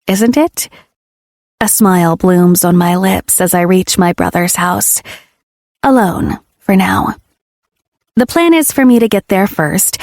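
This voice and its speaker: A woman reading a first-person audiobook in a soft, intimate storytelling voice. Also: medium pitch, vocal fry, dry recording, clean studio sound. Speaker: audiobook narrator.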